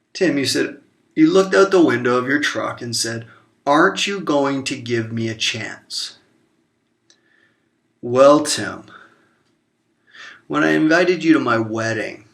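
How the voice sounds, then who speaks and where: A man delivering an emotional, confrontational monologue to camera, swearing openly and swinging between low murmurs and raised outbursts. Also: gravelly, a bit bright. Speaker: vlogger.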